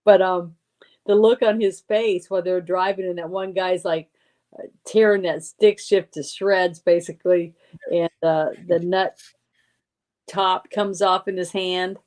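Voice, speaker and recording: A woman co-hosting a casual movie podcast, chatty and quick to laugh. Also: fairly low pitch, fairly even intonation, darkish tone. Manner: chatty, laughs easily, many fillers. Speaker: podcast co-host.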